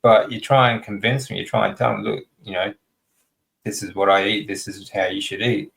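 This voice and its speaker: Gravelly, low-voiced man chatting. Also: a little fast, rough recording. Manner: relaxed and agreeable, many small affirmations. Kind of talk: casual interview conversation.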